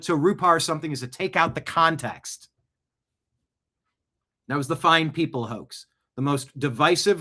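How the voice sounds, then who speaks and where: This host's bright, forceful voice runs on the high side. He rants sarcastically through political commentary on his online show, answering the news clips as they play.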